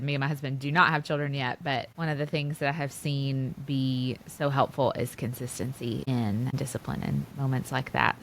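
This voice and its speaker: A young adult woman hosting a podcast, an affirming and encouraging interviewer. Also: a bass voice. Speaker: podcast host.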